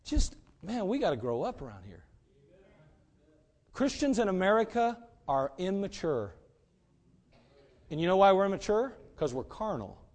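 A man's voice: high-pitched, very animated, normal speed, long pauses, darkish tone. A middle-aged man, a pastor, preaching emphatically and telling a story. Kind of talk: sermon.

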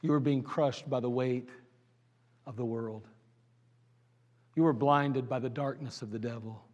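A man preaching a sermon in a church, asking the crowd question after question and swinging between loud pleading and hushed tones. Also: medium pitch, fairly even intonation, unhurried, big-room sound, lo-fi sound.

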